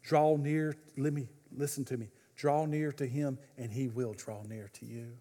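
A man preaching a sermon, swinging between loud, fervent exhortation and hushed, intimate pleading. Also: medium pitch, steady tone, a little slow, big-room sound. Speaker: pastor.

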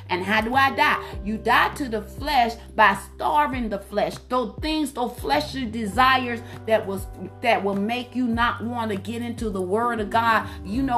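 A woman's voice: a little high, fairly bright tone. A woman minister preaching a fervent sermon, punctuated with frequent hallelujahs. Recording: faint music behind.

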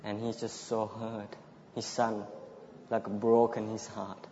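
A man's voice: lowish voice, flat delivery, warm tone. Thai man testifying in an echoey hall. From Thailand. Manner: halting, simple phrasing with short repeated sentences. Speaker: church member giving testimony. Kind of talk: personal testimony. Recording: echoey hall, dull lo-fi sound, faint background noise.

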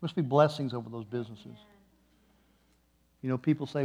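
A man preaching a sermon in a church, moving between hushed, slow passages and loud, passionate peaks. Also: mid-range voice, slightly rough. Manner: impassioned, swings from hushed to loud. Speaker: guest preacher.

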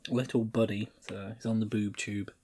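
A man's voice: on the low side, level tone, normal speed, warm tone. A man casually recapping a horror film, joking dryly and swearing a lot. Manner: dry, sarcastic jokes, heavy swearing. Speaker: podcast co-host.

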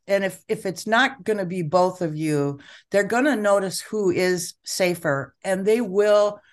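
A woman therapist telling stories in conversation, acting out quotes with lively jumps in her voice. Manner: animated, acts out quotes with pitch jumps. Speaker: family therapist. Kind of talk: conversational storytelling.

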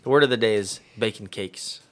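A man's voice: on the low side, brisk, a bit bright. A man co-hosting a casual podcast, laughing as he retells texts and stories. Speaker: podcast co-host. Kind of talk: casual chat.

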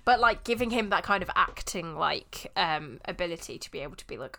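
A chatty woman co-hosting a casual podcast, her voice sitting fairly low for a woman. She talks enthusiastically and leans on filler words as she goes. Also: moderate pace, few pauses, bright, forceful tone. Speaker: podcast co-host. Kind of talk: casual chat.

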